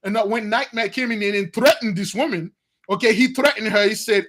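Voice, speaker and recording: A man speaking as a religious teacher, giving an excitable, scornful and repetitive preaching-style commentary on a TV series. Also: high voice, fairly quick.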